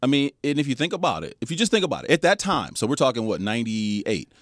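Animated, slangy sports radio co-host. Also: male voice, mid-range voice, fast talker, no echo, studio quality. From Detroit. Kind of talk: sports talk radio chat.

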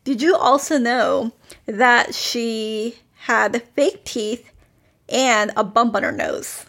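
A woman talks in a relaxed, chatty way, dropping "like" between her thoughts. Her voice sits a little high and carries a lot of vocal fry. It sounds like an easygoing podcast conversation. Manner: chatty, many "like" fillers, quick laughs. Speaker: podcast co-host. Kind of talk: casual critical chat.

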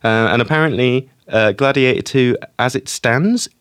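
A man's voice: medium pitch, normal speed, a bit bright, smooth, no echo, clean studio sound. A man hosting a film podcast in casual chat, hesitant and repeating words as he goes. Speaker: podcast host.

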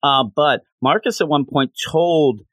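A man's voice: a little high, unhurried, a bit bright, no echo. A man reviewing a comic book in a casual, rambling, passionate way, with lots of fillers.

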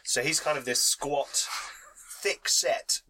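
A man's voice: mid-range voice, takes it slowly, bright, forceful tone, slight background noise. A man running a tabletop role-playing game as game master, narrating the scene with hedging, descriptive phrasing. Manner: hedging, descriptive, full of "kind of".

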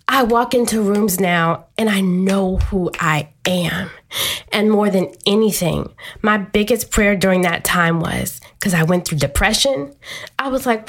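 A woman guest on a talk show, candidly telling a personal story in a quick, open way. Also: medium pitch.

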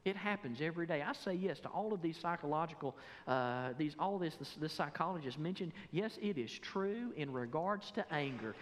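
Delivering a sermon from the pulpit, a pastor fires rhetorical questions at his congregation in a lively, animated voice that sits high for a man. He speaks at normal speed with hardly any pauses. A large sanctuary gives long reverb, with slight background noise.

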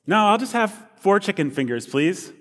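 A man's voice: sits high, big pitch swings, moderate pace, a bit bright, in a large hall, voice pushed up. A man voicing his young wife in a raised, sweet, mock-innocent tone while he preaches.

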